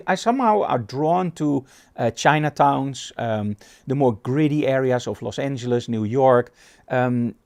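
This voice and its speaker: This is a photography instructor, a middle-aged man from the Netherlands, speaking at a medium pitch with noticeable vocal fry. As he relates his stories, he livens them up by performing little bits of dialogue.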